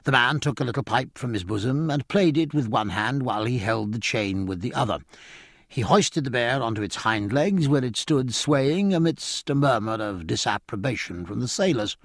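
Gravelly man narrating a story. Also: mid-range voice, lively intonation, no room sound, studio quality. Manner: measured storytelling. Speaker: audiobook narrator. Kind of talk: scripted narration.

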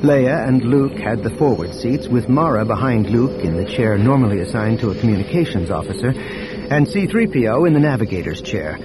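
A man narrating an audiobook in a steady, expressive reading. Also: mid-range voice, moderate pace, very noisy. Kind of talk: scripted narration.

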